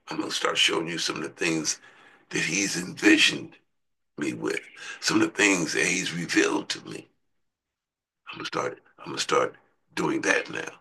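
A man's voice: gravelly, slightly rough, low-quality recording. A man preaching a sermon in a conversational way, asking his listeners rhetorical questions. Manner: conversational, asks the congregation rhetorical questions, voice jumps high when excited.

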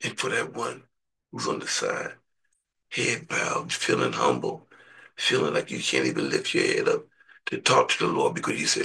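A man preaching a sermon and leading a prayer, impassioned, surging from hushed to shouting. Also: very deep voice, wildly swooping pitch, moderate pace, vocal fry, breathy edge, far from the mic.

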